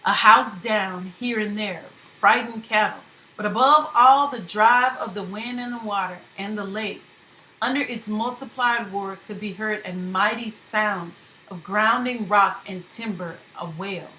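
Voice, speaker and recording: A woman reading a novel aloud with steady, measured narration. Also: medium pitch, slight background noise. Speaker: reader. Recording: echoey room.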